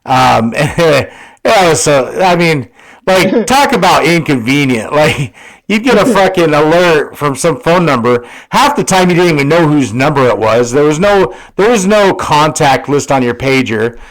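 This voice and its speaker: Man, forties, podcast co-host; slightly high voice, rambling, profane, filler-heavy. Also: animated, a little slow, rough recording. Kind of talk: casual chat.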